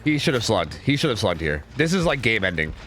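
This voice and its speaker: A man casting game scrims on a live stream in a casual, chatty way, often repeating words in quick bursts. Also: on the low side, big pitch swings, background noise.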